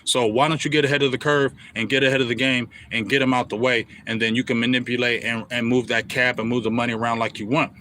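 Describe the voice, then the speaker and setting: A man's voice: mid-range voice, little pitch movement, fast, hardly any pauses, sharp tone. A man hosting a sports show, ranting as a frustrated fan and talking straight at the team's front office. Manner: heated, repetitive, talks straight at the team bosses. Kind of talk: fan commentary rant.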